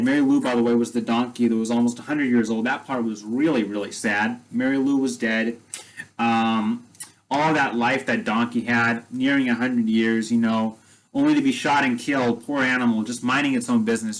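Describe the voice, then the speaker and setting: This man recounts a story casually and plainly, wandering off track, saying things twice, and filling gaps with "um"s and the like. He sounds easygoing and chatty, with a mid-range voice captured on a rough recording.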